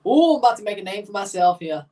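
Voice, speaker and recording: A man's voice: sits high, big pitch swings, fast talker, dark tone, far from the mic. A man from the Mississippi Delta, commenting casually through a livestream watchalong of a match in a jokey, rambling way full of asides and self-corrections. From Mississippi Delta, USA. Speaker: streamer reacting to a football match.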